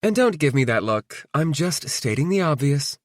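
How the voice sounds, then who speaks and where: A man's voice: a little high, sing-song, moderate pace, dry recording, pitched above the performer's own voice. A male audiobook narrator voicing a blunt, teasing young fiancée in a dry, close recording. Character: sharp-tongued young fiancée, woman.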